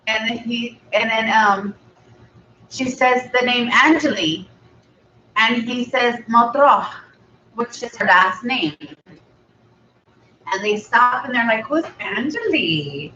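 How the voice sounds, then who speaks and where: A woman's voice: fairly high pitch, takes it slowly, pauses often, bright, forceful tone, slight background noise. A woman hosting a food video, casually retelling a film story in a chatty, rambling way. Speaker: mukbang channel host. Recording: echoey room, slightly dull, from a distance.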